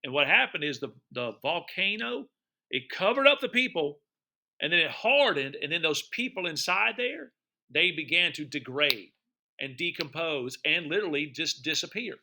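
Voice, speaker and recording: A man's voice: on the high side, lively intonation, moderate pace, pushed and bright. A middle-aged man teaching, narrating his travel photos for students in a chatty, enthusiastic way and quizzing them as he goes. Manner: chatty, enthusiastic, repeats words and quizzes listeners.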